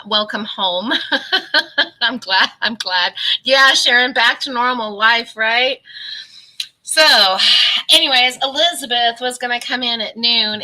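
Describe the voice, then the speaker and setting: A woman's voice: medium pitch, sharp tone, rough recording. A middle-aged woman chatting casually on a live stream and greeting viewers by name. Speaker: keto vlogger.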